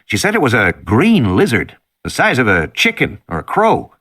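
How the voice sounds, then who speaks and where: A man's voice: mid-range voice, huge pitch swings, normal speed, a bit bright, slightly rough, heavily acted. Man reading as worried father, short anxious answers; audiobook. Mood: concerned. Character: worried American father on vacation.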